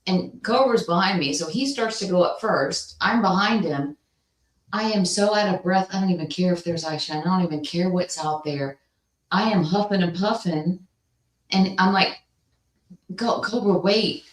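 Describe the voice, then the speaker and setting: A woman co-hosting a casual chat, telling stories in an animated, laughing way. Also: lowish voice, normal speed, roomy sound, poor audio. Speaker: co-host.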